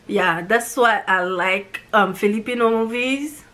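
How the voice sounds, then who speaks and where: A woman's voice: medium pitch, measured pace, a bit bright. Woman from haiti going over a movie she loved, rambly and emotional, plays out the lines the characters say. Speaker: movie reviewer. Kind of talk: casual emotional retelling.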